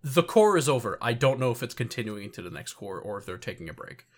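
A man's voice: mid-range voice, very animated, fast. A man co-hosting a podcast in casual chat, easygoing and teasing. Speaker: podcast co-host.

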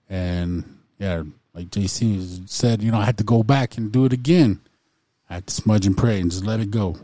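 Reflective low-voiced podcast man. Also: normal speed, dark tone, dry recording, studio quality. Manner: reflective, repeats phrases to himself. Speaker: podcast co-host. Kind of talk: casual podcast chat.

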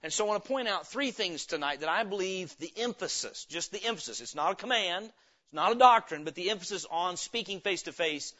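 A male pastor delivers a sermon with a high, bright, forward voice. He talks in a folksy, conversational way full of homespun stories, and the church recording sounds dull and lo-fi. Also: animated, a little fast.

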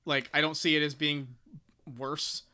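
Bright, clear-voiced hesitant man. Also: a little high, level tone, a little slow. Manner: hesitant, many restarts and fillers, reads passages aloud. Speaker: podcast co-host discussing a book. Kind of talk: casual chat.

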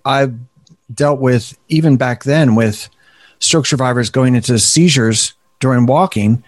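A man's voice: mid-range voice, measured pace, no echo. A man co-hosting a podcast, talking casually and poking fun at himself. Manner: self-deprecating, animated, laughs at himself. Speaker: podcast co-host.

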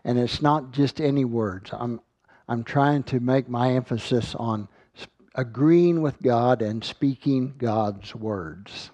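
A man's voice: medium pitch, slow pace, mellow, no room sound, highs cut off. A man giving an earnest sermon, reading scripture aloud and often repeating words as he finds his thought. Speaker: Bible teacher.

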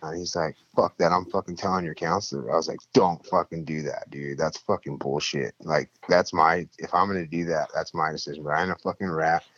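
A young man with a very low, husky voice tells a story in rough, profanity-laden casual talk. He jumps into louder, higher tones when he quotes people, and the sound is dry and dull, like a lo-fi recording. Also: steady tone, brisk, few pauses, no echo.

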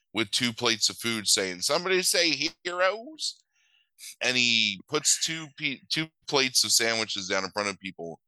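A man's voice: lowish voice, pushed and bright, clear, resonant tone, no echo, rough recording. A man who is sick with a cold, recapping a film in casual, profane chat, rambling and correcting himself as he goes. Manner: rambling, crude, self-correcting retelling. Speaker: podcast co-host recapping a film.

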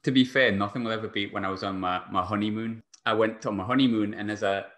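Male podcast host, chatty and rambling, slightly low pitch. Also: steady tone, fast talker, fairly bright tone. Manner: chatty, rambling, laughs a lot. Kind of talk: casual chat.

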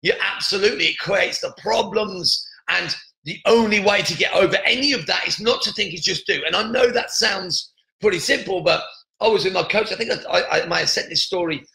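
A man's voice: high voice, a little fast, creaky, pushed and bright, echoey room, low-quality recording. A man hosting a motivational podcast, talking earnestly with lots of repeats and restarts. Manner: earnest, repetitive, many restarts. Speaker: podcast host.

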